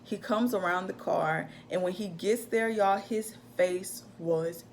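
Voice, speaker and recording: A young woman chats to her camera in a lively, storytelling way, voice sitting at an ordinary middle pitch. She keeps it casual and animated, rushing some bits and stretching others. A faint noise hangs behind her. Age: young adult. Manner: animated, chatty, acts out her own shouts in quotes. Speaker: vlogger telling a birth story.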